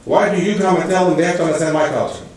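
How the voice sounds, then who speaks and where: High-voiced man lecturing in an echoey hall. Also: steady tone, racing, far from the mic, crowd noise. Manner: emphatic, rhetorical questions. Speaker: guest lecturer. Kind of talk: public lecture.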